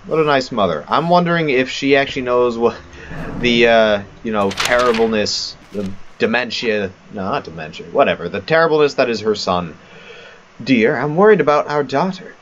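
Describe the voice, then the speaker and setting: A man's voice: mid-range voice, moderate pace, a bit bright, highs cut off, a little hiss or hum. A man giving rambling, self-mocking let's play commentary on a horror game. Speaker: gamer.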